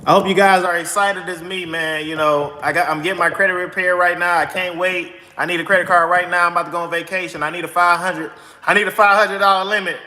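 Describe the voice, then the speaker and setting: A high, very bright-voiced man bubbling over with hurried excitement, saying the same thing twice or three times as he rushes through a comic skit. His voice rings around a bare, echoey room with a long reverb tail. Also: a little hiss or hum. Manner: excitable, rushed, repeats himself constantly. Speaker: host of a credit advice channel. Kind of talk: comic skit applying for a credit card.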